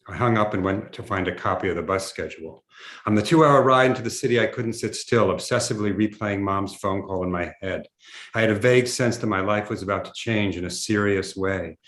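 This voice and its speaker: Brief: male author reading his memoir aloud, low voice, roomy echo on a video call. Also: a bit bright. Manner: measured storytelling.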